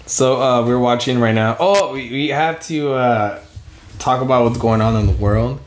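With a medium-pitched voice at normal speed, a young Southern Californian co-hosts a laid-back podcast, wandering off topic, swearing frequently, and laughing at himself. The small warm room gives the recording a roomy echo.

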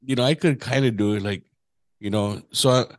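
A man's voice: mid-range voice, fairly quick, dry recording. A Mexican American man hosting a casual interview, laid-back and jokey with lots of slang. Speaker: podcast host.

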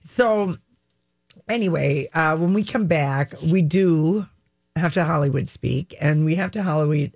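A woman co-hosting a talk radio show, chatty and animated, often talking over her co-hosts. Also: low voice, a little slow, husky, dry recording, clean studio sound. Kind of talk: casual chat.

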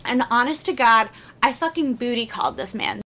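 A young adult woman hosting a podcast, telling stories in animated casual chat with frequent swearing. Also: fairly high pitch. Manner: animated, swearing, quick asides. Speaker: podcast host.

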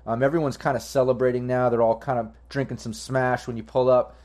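A man's voice: mid-range voice, level tone, a little fast, darkish tone. Easygoing man running a tabletop game. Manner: loose, rambling, frequent ums. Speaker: game master.

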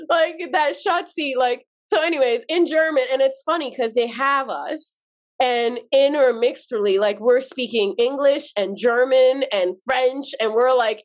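A woman guest on a podcast telling a personal story in an animated, expressive way, swearing casually and slipping into Persian for quotes. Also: a little high. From United States.

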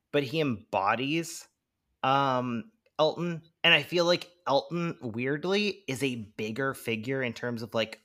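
A man co-hosting a film podcast at a middling pitch, giving blunt, opinionated takes. His talk is loose and casual, full of "um" and "like" as he works through his points. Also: bright, forceful tone. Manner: blunt, opinionated, with many fillers. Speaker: podcast co-host. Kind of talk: casual film-review chat.

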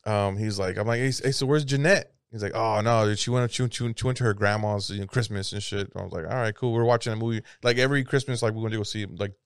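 A young man in casual podcast chat, telling a story with lots of swearing and loud voices for his friends. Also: lowish voice, fast talker, hardly any pauses, smooth, no echo, clean studio sound. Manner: animated storyteller, swears a lot, yelps mimicking friends.

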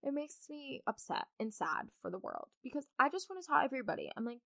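A chatty young woman hosts a casual storytime podcast, wandering off into asides and quick apologies. Her slightly high voice swoops and bounces, crisp and sparkling. The sound is close and dry. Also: very animated, bright, forceful tone, dry recording. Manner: bubbly, chatty, rambling with many asides. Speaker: podcast host.

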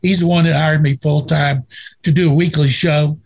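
An older man from Waco, a retired sportswriter telling lively anecdotes in a casual interview. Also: on the high side, normal speed, husky. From Waco, Texas. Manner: lively anecdotal storyteller, acts out quoted dialogue.

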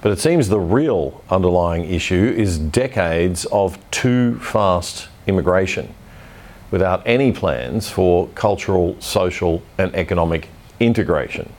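A man's voice: low-pitched, lively intonation, measured pace, darkish tone. A man hosting a news commentary show, delivering opinionated scripted commentary in a blunt manner.

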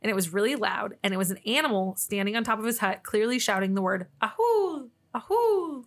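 A woman's voice: medium pitch, quick pace, fairly bright tone. Woman, podcast co-host, casual storyteller, mid-range voice, giggly and loose. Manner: chatty, laughs often, trails off and restarts. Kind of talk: casual chat, telling cryptid stories.

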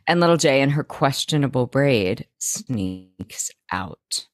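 A woman co-hosting a podcast, recapping a TV episode in casual chat with blunt, quick reactions. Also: very deep voice, animated, no echo, studio quality. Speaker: podcast co-host.

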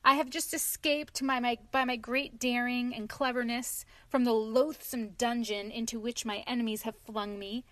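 A woman's voice: fairly even intonation, normal speed, hardly any pauses, dry recording, close to an everyday voice. A woman voicing a boastful, self-pitying male toad with dramatic, pleading speech in a storybook reading. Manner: dramatic, pleading, high-strung.

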